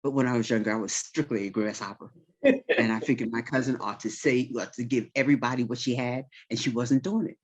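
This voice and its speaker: Relaxed woman storyteller. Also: rumbling low, a little fast, husky. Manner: relaxed, folksy, vivid detail. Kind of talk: conversational oral storytelling. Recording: slightly dull recording.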